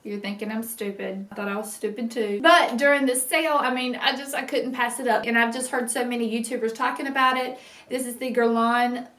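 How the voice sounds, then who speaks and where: A woman's voice: a little high, steady tone, brisk, a bit bright. Chatty woman with a country twang. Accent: rural American. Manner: chatty, rambling, enthusiastic. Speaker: beauty vlogger. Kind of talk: casual product review chat. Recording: roomy echo, mic at a distance.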